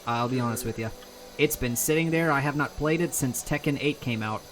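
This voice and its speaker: A man's voice: mid-range voice, a little fast, a little hiss or hum, rough recording. A man streaming a video game, chatting casually in a rambling, self-mocking way and laughing often. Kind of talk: casual chat while gaming.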